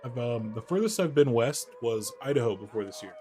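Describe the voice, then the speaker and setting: A man from the American Midwest chatting casually while he streams a game, answering his chat's questions out loud. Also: medium pitch, animated, a little fast, faint music behind. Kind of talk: casual gameplay commentary.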